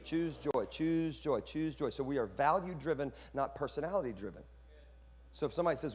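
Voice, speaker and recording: A man's voice: mid-range voice, a little fast, breathy edge. A man preaching to fellow pastors, joking and breaking into bursts of preacher fire. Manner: lively, joking, preacherly outbursts. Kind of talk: conference sermon to pastors. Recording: hall reverb.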